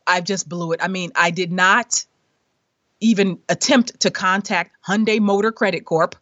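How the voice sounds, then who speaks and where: A middle-aged woman, a podcast guest, telling a lively personal money story with frequent laughs and acted-out quotes. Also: on the low side, moderate pace, no room sound, highs cut off. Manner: animated storyteller, laughs often, acts out quoted voices. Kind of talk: conversational storytelling interview.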